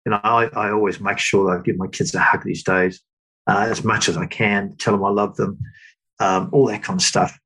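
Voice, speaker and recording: Husky, gravelly middle-aged man reflecting. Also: lowish voice, little pitch movement, fairly bright tone, rough recording. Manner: halting, thoughtful, many fillers and restarts. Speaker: guest. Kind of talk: reflective interview talk.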